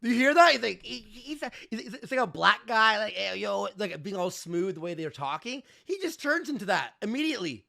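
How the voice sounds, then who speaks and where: A man's voice: high voice, big pitch swings, fairly quick, gravelly, hardly any pauses, bright, forceful tone. A male co-host in casual commentary, mocking and profane in a teasing way. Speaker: podcast co-host.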